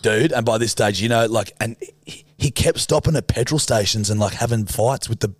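A young Australian man, a podcast co-host, telling a sweary, animated story in casual chat. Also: on the low side, a little fast, no echo.

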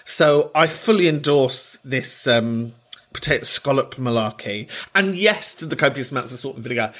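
A man hosting a comic podcast, talking in a theatrical, teasing way with sudden loud outbursts. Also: mid-range voice, expressive, normal speed. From Ireland. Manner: theatrical, teasing, bursts into shouts. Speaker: podcast host.

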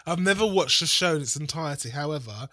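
Male podcast co-host, bright tone, loose sweary chat. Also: fairly high pitch, fast, dry recording, studio quality. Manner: chatty, swearing, animated retellings. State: hungover. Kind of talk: casual chat.

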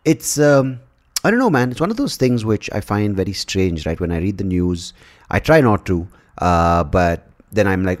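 A man with a slightly low voice rambles through a solo podcast episode, talking casually and swearing often. He jumps between thoughts with plenty of restarts and an animated, offhand delivery. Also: moderate pace. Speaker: podcast host.

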